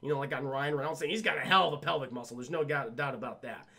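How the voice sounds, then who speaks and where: A man's voice: mid-range voice, fast talker, gravelly, bright, forceful tone. A young man on a livestream, casually recapping a film scene by scene for his chat, rambling and swearing as he goes. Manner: rambling, profane, keeps addressing the chat.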